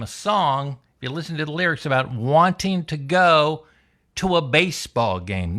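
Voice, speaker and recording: A man doing a wry, deadpan stand-up comedy set alone in his room, telling stories and singing silly songs. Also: on the high side. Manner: wry, deadpan storytelling with sung bits. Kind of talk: stand-up set over video call.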